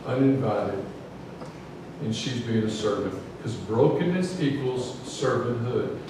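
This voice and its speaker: A man preaching a casual, folksy sermon in a church and asking the congregation questions. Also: mid-range voice. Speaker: pastor. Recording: echoey church from far off, background noise.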